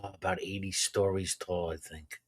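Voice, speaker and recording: A man's voice: deep voice, flat delivery, moderate pace, husky, dry recording, studio quality. A man hosting a live stream, chatting casually and thinking aloud with hesitations. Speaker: stream host. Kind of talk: casual chat.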